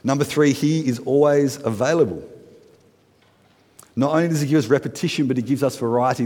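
Man, thirties, mid-pitched, chatty sermon, quizzes the congregation, wry asides, long hall echo. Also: brisk, long pauses, warm tone. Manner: conversational, asks the congregation questions, light humorous asides. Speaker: pastor.

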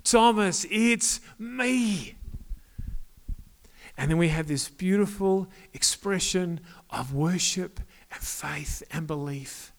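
High-voiced man preaching to youth. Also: a little slow, gravelly, few pauses. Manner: casual, joking, asks the crowd questions. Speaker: youth group speaker. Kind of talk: sermon to a youth group.

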